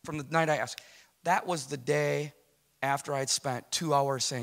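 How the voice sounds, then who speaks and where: A man in his forties, a guest speaker, gives a rambling, self-deprecating personal testimony to a congregation, restarting his story again and again. His voice is a little high and gravelly, with a steady tone and a brisk pace.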